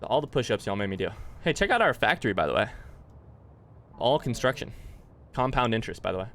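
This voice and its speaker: A man's voice: mid-range voice, sing-song, fast, a bit bright, slight background noise. A man streaming a game, winded after push-ups, thanking viewers by name and rambling through his thoughts in casual chat. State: out of breath.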